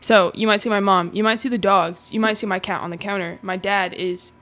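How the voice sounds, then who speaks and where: A young woman, co-hosting a casual podcast from a home kitchen, quick, joking and outspoken. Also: medium pitch, steady tone, fairly bright tone. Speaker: podcast co-host. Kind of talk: casual chat.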